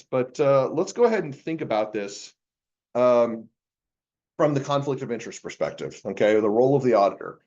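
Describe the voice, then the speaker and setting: A man's voice: mid-range voice, mellow, muffled recording. A male accounting professor giving a conversational university lecture, asking the class rhetorical questions with frequent fillers.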